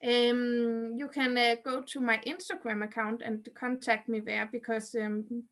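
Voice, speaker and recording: A woman's voice: a little high, flat delivery, a little slow, a bit bright. A woman guest on a podcast over a video call, answering hesitantly with many restarts and fillers. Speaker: guest cartoonist. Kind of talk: interview answers.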